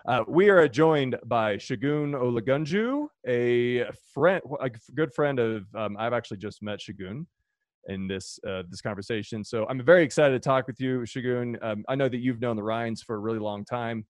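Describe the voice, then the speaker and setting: A man's voice: mid-range voice, normal speed, dry recording. A man hosting a podcast, introducing the episode and the guest in a friendly, chatty way with many fillers. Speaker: podcast host.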